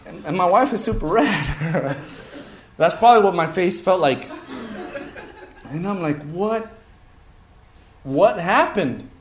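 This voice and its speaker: A man casually telling a story to listeners, animated and chuckling as he goes. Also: sits high, unhurried, pauses often, a little hiss or hum. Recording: roomy echo.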